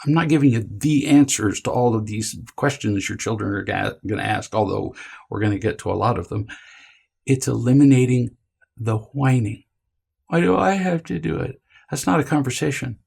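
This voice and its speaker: A man giving a deliberate, emphatic lecture to parents, now and then mimicking a whiny child. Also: fairly low pitch, steady tone, creaky, darkish tone, slightly rough. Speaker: parenting teacher.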